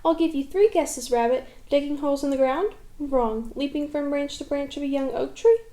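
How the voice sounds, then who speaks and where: A woman voicing a gloomy, sarcastic old male donkey who speaks dryly and slowly. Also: high voice, mellow, close to an everyday voice. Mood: sardonic. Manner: dry, slow, sarcastic.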